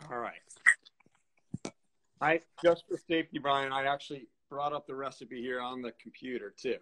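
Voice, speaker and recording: A man's voice: medium pitch, normal speed, fairly bright tone, a little hiss or hum, poor audio. A man hosting a live video chat in an easygoing, teasing way. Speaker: host. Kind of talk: casual live-stream chat. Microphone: video call.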